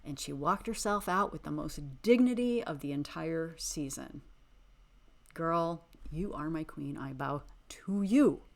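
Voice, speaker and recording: A woman hosting a podcast, recapping a reality TV show with sassy, exasperated, animated commentary. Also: low voice, measured pace. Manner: animated, dramatic emphasis. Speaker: podcast host.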